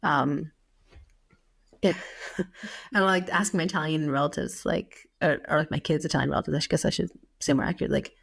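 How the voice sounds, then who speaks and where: A woman's voice: low-pitched, steady tone, moderate pace, gravelly, long pauses, breathy edge. An American woman in her thirties co-hosting a podcast, chatting casually with many fillers and frequent laughs. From United States. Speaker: podcast co-host. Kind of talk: casual chat.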